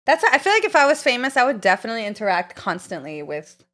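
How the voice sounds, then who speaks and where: A young woman with a somewhat high, bright and sharp voice, co-hosting a casual podcast. She is playful and blunt, laughing easily and swearing. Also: big pitch swings, fast talker. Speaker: podcast co-host. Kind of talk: casual chat.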